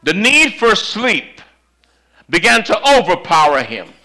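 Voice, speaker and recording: A man delivers a sermon as a dramatic story, dropping to near whispers and rising again. His voice sits high and sounds bright and lively. He speaks slowly, and his church microphone cuts in and out. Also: rough recording. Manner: dramatic, swings from loud to hushed. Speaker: preacher. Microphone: handheld or stand mic that cuts out.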